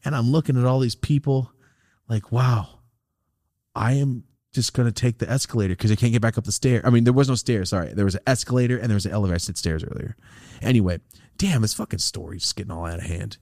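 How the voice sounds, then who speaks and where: A man's voice: lowish voice, fast talker, dry recording, studio quality. A man casually telling a rambling, profane story as a podcast host, acting out the quotes. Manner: profane, rambling, animated retelling with acted-out quotes.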